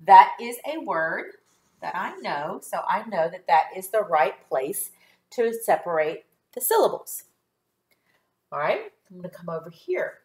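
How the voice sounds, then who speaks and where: Slow, careful woman phonics teacher. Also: lowish voice, very animated, a little mellow, echoey room. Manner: slow, careful sounding out of syllables. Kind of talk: phonics lesson for children.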